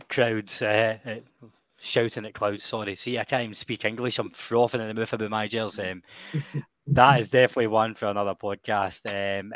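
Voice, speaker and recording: A man's voice: lowish voice, fairly bright tone, no room sound. A Scottish man hosting a casual football podcast, talking with frequent ums and the odd swear. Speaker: podcast host.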